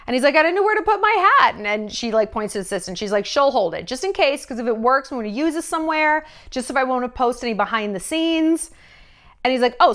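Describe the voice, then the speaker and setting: Brash, sarcastic woman gossip vlogger. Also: a little high. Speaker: vlogger host. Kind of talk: casual celebrity gossip vlog.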